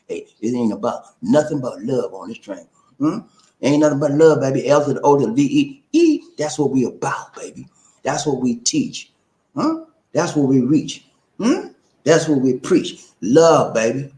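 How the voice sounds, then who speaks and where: A man's voice: medium pitch, expressive, fairly quick, darkish tone. A man, hosting a relationship advice livestream, preachy and playful, with rhyming chants and a repeated "okay?" after each point. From South Carolina. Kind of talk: casual livestream talk. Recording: echoey room.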